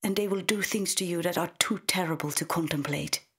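A woman voicing a tender, protective mother who talks softly and hushes. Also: on the low side, fairly quick, husky, exaggerated voice. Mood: confiding.

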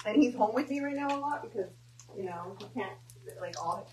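A woman's voice: medium pitch, expressive, a little fast, darkish tone, a little hiss or hum, poor audio. A young woman chatting and joking through a home cooking stream, tossing in Spanish words. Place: home kitchen.

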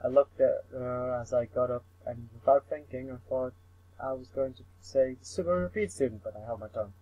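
In a jokey visual novel reading, a young man mumbles, fumbles words, and scolds himself with swearing. His mid-range voice has a level tone and a normal pace, and the recording is dry with the high end cut off.

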